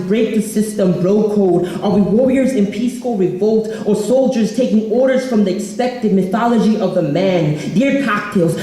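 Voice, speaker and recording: A man's voice: high voice, warm tone. Young man, spoken word poet, rhythmic emphatic delivery, very echoey hall. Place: event hall.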